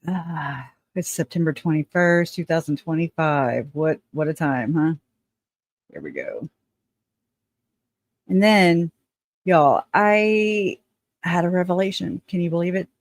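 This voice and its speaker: A woman's voice: on the low side, expressive, slow pace, pauses often, dry recording. Chatty woman live streaming. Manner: chatty, laughing often, addresses viewers as y'all. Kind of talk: casual live stream commentary.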